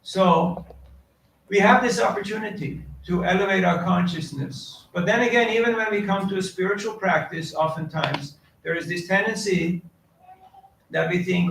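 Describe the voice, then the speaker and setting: A man's voice: high-pitched, moderate pace, gravelly, fairly bright tone. A man giving a devotional lecture who quotes Sanskrit verses and keeps putting questions to his audience. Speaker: preacher. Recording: echoey hall, distant mic, faint noise.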